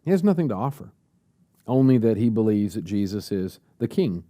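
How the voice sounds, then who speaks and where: A man's voice: fairly low pitch, big pitch swings, moderate pace, mellow. A man preaching a sermon at a church service, asking the congregation rhetorical questions.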